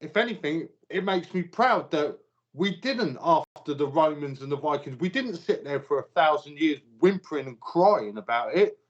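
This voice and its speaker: Emphatic British man, somewhat high. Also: lively intonation, normal speed. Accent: British English. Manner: emphatic, proud, lecturing. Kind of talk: casual podcast chat. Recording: slightly muffled podcast audio.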